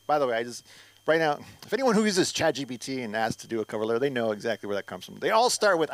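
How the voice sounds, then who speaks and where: A man's voice: mid-range voice, huge pitch swings, a little fast, a bit bright. A middle-aged man doing a rambling stand-up set at an open mic, with ranting asides. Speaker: stand-up comic. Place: comedy club stage.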